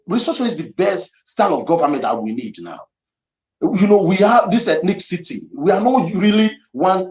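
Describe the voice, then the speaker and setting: A man's voice: high voice, darkish tone. A man from Edo State with a Nigerian accent, giving emphatic, repetitive political commentary as a guest. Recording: echoey, dull lo-fi sound.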